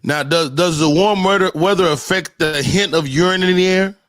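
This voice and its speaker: A man's voice: sits high, moderate pace, fairly bright tone, dry recording, studio quality. A man hosting a comedy podcast, joking and teasing his guests in casual banter. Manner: joking, teasing, drops into sing-song lines. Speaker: podcast host.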